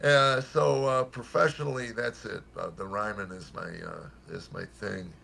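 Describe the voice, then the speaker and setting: A comedian in his seventies telling stories in a radio interview, lively when quoting people and quiet and earnest on serious points. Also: normal speed, vocal fry, husky. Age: 70s. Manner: animated storyteller, jumps high for quoted voices. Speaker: comedian guest.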